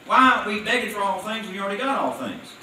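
A man delivers a sermon in a church, his high, piercing voice bouncing around a very echoey room. He stands back from the mic and presses his points with pointed questions and call-and-response, over a faint hum of noise. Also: big pitch swings, fast talker, bright, forceful tone, distant mic. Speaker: preacher.

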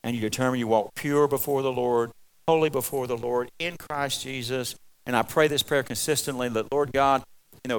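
A man preaching a folksy, rambling sermon, swinging from loud exclamations to quiet asides. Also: medium pitch, vocal fry. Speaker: pastor.

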